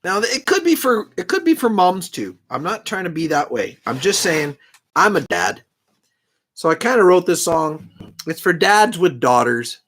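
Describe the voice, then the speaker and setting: A middle-aged man chatting casually between songs on a live stream, self-deprecating and often clearing his throat, his voice catching a little from strain. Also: sits high, big pitch swings, normal speed, a bit bright. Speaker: singer-songwriter streaming live. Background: his own guitar.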